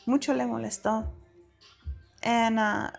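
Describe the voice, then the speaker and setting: Gravelly woman, frank storyteller. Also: a little high, fairly even intonation, slow, faint music behind. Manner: frank and profane, mixing in Spanish phrases. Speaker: guest. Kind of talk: candid personal storytelling.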